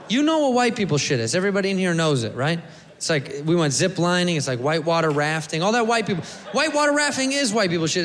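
A young American man doing a crude, animated stand-up set on a club stage, swearing freely. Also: high voice. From United States. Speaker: stand-up comedian. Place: comedy club stage with a live audience. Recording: live club recording, long reverb, audience and room noise.

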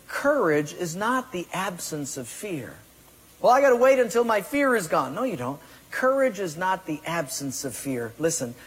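Man preaching, high voice, husky, emphatic, long hall reverb. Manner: emphatic preaching, acting out excuses. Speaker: pastor. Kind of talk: sermon.

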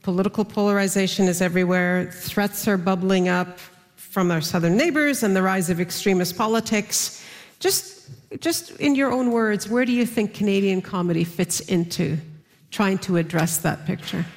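A woman's voice: mid-range voice, big-room sound. Thoughtful woman moderating a panel. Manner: measured, thoughtful questions with hesitations.

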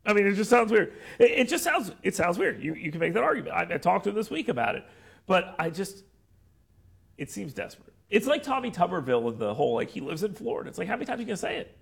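A man hosting a political talk show, chatting casually, animated and joking, with frequent restarts. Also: high-pitched, fast talker, vocal fry, breathy edge.

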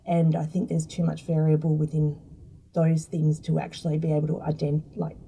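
A woman's voice: sits low, monotone, normal speed, creaky, warm tone, far from the mic, slight background noise, low-quality recording. A woman, chatting casually as a guest and explaining food science with lots of fillers. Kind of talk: casual interview talk.

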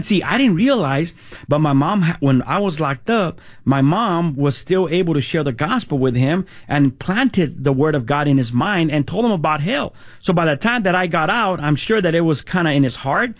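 A man recounts his past in a spoken testimony, his voice set slightly higher than most men's. He stumbles and restarts often, and he slips into casual street talk whenever he quotes his friends. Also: animated. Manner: halting, many restarts and fillers, quotes friends in street slang. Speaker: testimony speaker. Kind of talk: personal testimony storytelling.

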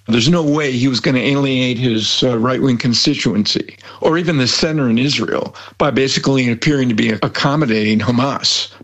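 A man's voice: medium pitch, fairly bright tone. A man speaking as a guest analyst, confident and analytical, with colloquial asides. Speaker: former government advisor, guest. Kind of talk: interview comment.

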